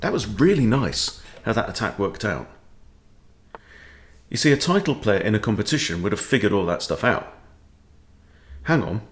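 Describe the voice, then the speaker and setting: A man commentates on his own moves in a live chess game like a coach, his somewhat low voice sing-song at a moderate pace. He reasons out loud in a relaxed, playful manner, sprinkling joking asides among the analysis.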